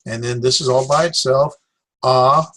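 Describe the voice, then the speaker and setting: A man teaching a Greek class in a classroom lecture, halting with many fillers as he sounds out syllables slowly. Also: mid-range voice, a bit bright, slight background noise.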